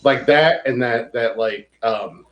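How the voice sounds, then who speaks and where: Podcast co-host, man, mid-pitched, blunt and opinionated, swears a lot. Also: takes it slowly, lo-fi sound. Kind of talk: casual chat.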